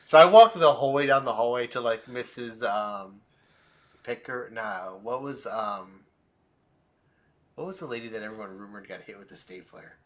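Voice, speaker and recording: A man's voice: mid-range voice, expressive, moderate pace. A young man co-hosting a podcast, telling a rambling story, swearing freely and laughing at himself. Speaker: podcast co-host. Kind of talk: casual chat.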